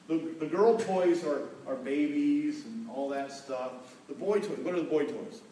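A man's voice: a little high, a little slow, mellow, far from the mic, a little hiss or hum. A middle-aged man preaching a sermon on marriage as a folksy storyteller who jokes with his listeners and repeats key words. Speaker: pastor. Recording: echoey hall, voice from afar.

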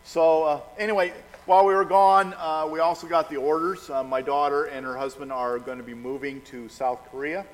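An older male pastor with a slightly high voice, talking in a relaxed, folksy way from the front of a church. His words ring out with a long hall echo around them. He chats and jokes with the congregation between prayers. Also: fairly quick, few pauses. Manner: folksy, chatty storyteller. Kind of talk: church service announcements and prayer. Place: church sanctuary.

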